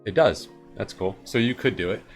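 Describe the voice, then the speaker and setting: A man's voice: on the low side, normal speed, soft background music. A man streaming live coding, thinking aloud in a rambling, self-amused way. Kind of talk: casual coding chat.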